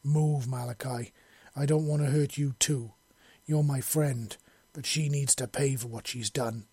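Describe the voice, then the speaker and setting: A man voicing an enraged young woman who shouts and snarls threats in a fantasy audiobook. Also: mid-range voice, little pitch movement, unhurried, slightly rough, no echo. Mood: furious.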